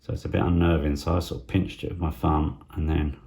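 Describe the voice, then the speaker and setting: A middle-aged man from England talks through a hobby unboxing at his workbench, musing aloud with halting fillers. His voice sits very low, with a gravelly fry and a dark, mellow tone, often dropping to a soft half-whisper. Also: flat delivery. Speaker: model railway vlogger. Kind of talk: casual hobby unboxing commentary.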